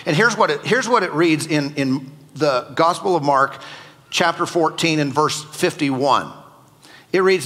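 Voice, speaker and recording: A man's voice: on the high side, a little slow, a bit bright. Man, pastor, sermon, conversational, joking, long hall reverb.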